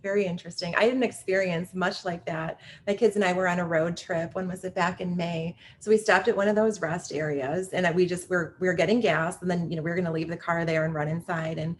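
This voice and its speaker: A woman's voice: lowish voice, fairly even intonation, a little fast, few pauses, a little hiss or hum. A woman hosting a podcast, telling a personal story in a chatty way with many "like"s. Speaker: podcast host. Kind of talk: podcast interview conversation.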